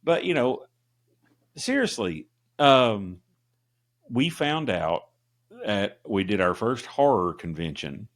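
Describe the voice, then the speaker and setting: A man's voice: lowish voice, animated, slow pace, pauses often. A middle-aged man co-hosting a podcast, telling long casual stories full of "uh" and "you know" fillers. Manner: rambling storyteller with many fillers. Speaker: podcast co-host. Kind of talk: casual chat.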